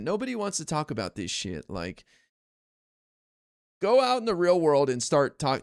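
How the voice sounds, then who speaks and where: A man's voice: mid-range voice, no echo, clean studio sound. A man ranting casually on his stream, exasperated and profane, rambling with lots of fillers. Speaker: political streamer.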